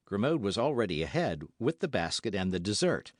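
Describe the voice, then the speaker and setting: A man narrating a classic novel as an audiobook, reading in an expressive, dramatic manner. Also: fairly low pitch, brisk, few pauses, no room sound, clean studio sound. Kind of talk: scripted narration.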